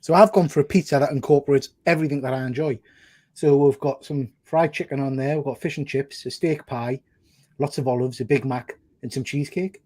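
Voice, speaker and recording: Husky man, eager. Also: mid-range voice, fairly even intonation, brisk, a little mellow. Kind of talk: casual chat.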